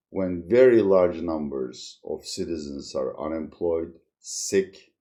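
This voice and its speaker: A man's voice: low voice, warm tone, muffled recording. A man hosting his own commentary channel, talking in a wry, sardonic way and chuckling as he explains things. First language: Turkish. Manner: wry, sardonic, chuckles through serious points. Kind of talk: solo video commentary.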